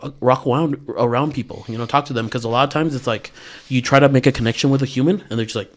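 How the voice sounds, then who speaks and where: A young man in casual podcast chat, blunt and profane, thinking out loud as he talks. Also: mid-range voice, fast.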